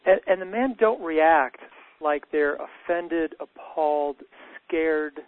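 A thoughtful man talks over a thin, phone-like line. His voice sits a little high, and he repeats words as he gathers each thought. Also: slow pace. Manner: warm, thoughtful, repeats words as he starts sentences. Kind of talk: reflective conversation.

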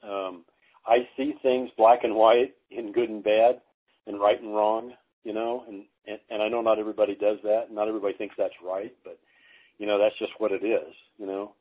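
A middle-aged man telling stories casually as a guest, halting, with many fillers and restarts. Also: fairly low pitch, level tone, slightly rough. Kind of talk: casual storytelling interview. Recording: phone-like narrow audio.

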